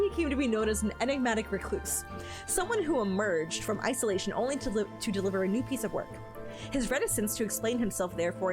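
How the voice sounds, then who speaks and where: A woman streamer reading a book from a game aloud to her chat, breaking off for playful asides. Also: medium pitch.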